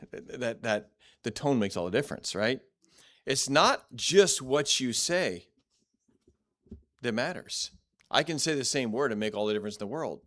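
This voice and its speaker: A man's voice: medium pitch, animated, moderate pace, pauses often, a bit bright. A man teaching a church Bible class in a blunt, direct, conversational way, often restarting and repeating words.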